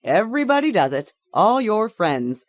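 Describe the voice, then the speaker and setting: A woman's voice: mid-range voice, sing-song, no room sound, dull audio, pitched above the performer's own voice, natural voice. A woman voicing a cold, clinical male doctor who coaxes and commands a child during a treatment. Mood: coldly coaxing. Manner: brisk, coaxing, commanding.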